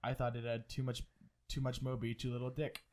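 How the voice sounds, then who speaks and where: A young man co-hosting a casual chat, constantly joking and teasing with deadpan interruptions. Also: medium pitch, brisk. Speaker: co-host.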